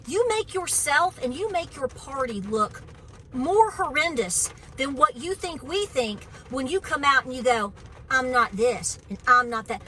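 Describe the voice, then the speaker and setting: A woman's voice: high voice, pushed and bright, a little hiss or hum, low-quality recording. A woman homesteading vlogger speaking outdoors on her farm in an impassioned, preachy, emphatic way. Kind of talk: outdoor political vlog rant.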